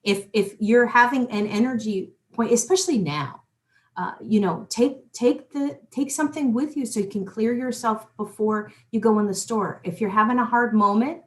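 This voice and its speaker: In a fairly high voice at moderate speed, a middle-aged woman chats animatedly as host of a spiritual talk show. She frequently starts sentences over and throws in asides to her audience.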